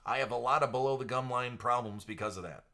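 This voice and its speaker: A man's voice: mid-range voice, fast, sharp tone. A man hosting a live card-breaking stream, chatting casually with a projected, radio-style delivery into a studio mic. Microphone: entry-level studio microphone.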